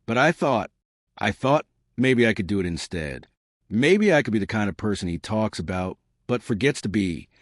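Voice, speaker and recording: An earnest, kind-hearted eight-year-old boy who speaks haltingly, as a male narrator puts him on. The voice is low but moves expressively, recorded dry and close. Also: very animated, no echo.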